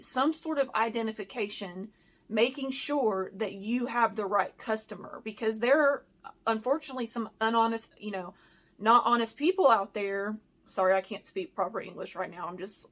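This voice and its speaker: A woman's voice: on the high side, a bit bright. A woman from the United States telling a storytime in a casual vlog, heated and emotional, with lots of "like" and "you know". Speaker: handbag vlogger.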